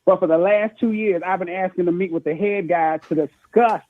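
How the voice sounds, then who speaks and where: A man's voice: high-pitched, fairly quick, dry recording. A man calling into a talk show, venting at length with a frustrated, ranting tone. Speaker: caller. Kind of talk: call-in commentary. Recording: tinny phone line, dry.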